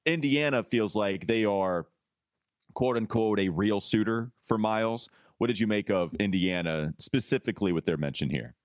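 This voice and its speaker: A man's voice: fairly low pitch, no echo, clean studio sound. A man co-hosting a sports podcast, talking casually and animatedly and laughing easily. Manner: animated, quick to laugh, reads reports aloud. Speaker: podcast co-host.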